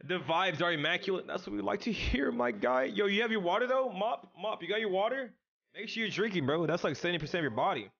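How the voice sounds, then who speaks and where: A young man streaming a video game, chatting casually with his chat in an excitable, slangy way. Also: high voice, fast, creaky, highs cut off. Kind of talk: casual live-stream chat while gaming.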